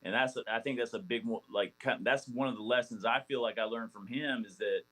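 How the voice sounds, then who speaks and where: A man in his forties, a former ballplayer guesting on a podcast, telling stories in a rambling, animated way with many restarts. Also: mid-range voice, brisk, poor audio. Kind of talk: casual storytelling interview.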